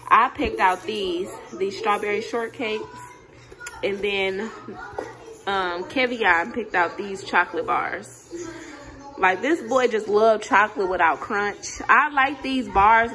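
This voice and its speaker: A woman's voice: medium pitch, fairly bright tone. A woman chatting casually to viewers about her grocery haul, a little sick with a sore throat and runny nose. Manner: chatty, talks straight to viewers, says y'all a lot. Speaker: vlogger.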